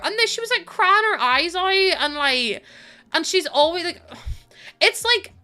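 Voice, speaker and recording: A young British woman chatting casually to her viewers while she plays a game on a live stream. She talks in an expressive, chatty way, swears freely and laughs often. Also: very high voice, unhurried, soft background music. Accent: British English.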